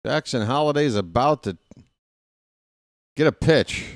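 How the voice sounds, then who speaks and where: An American man giving casual live fan play-by-play of a baseball game, chatty and talking to himself, with excitable bursts. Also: mid-range voice, a little slow. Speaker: play-by-play commentator.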